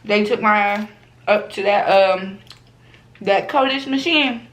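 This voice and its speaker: A young woman, chatting casually as a vlogger, animated and slangy, often acting out the people in her story. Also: medium pitch, slow. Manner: animated, slangy, acts out quoted voices.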